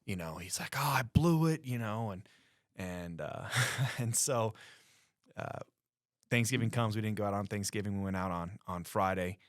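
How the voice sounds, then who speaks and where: At a moderate pace, a Colorado man with a low, deep voice shares a story as a guest, lively and relaxed as he performs the quoted lines. The recording sounds close and dry, with hardly any room echo.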